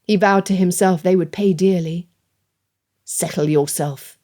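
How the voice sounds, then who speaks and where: A woman reading a romance novel aloud as audiobook narrator, in a steady, measured way. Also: lowish voice. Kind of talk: scripted narration.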